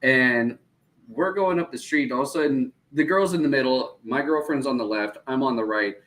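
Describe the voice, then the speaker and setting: A man's voice: mid-range voice, brisk, rough recording. A man co-hosting a casual chat, telling profane, joking stories. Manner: profane, joking, animated storyteller. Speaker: co-host.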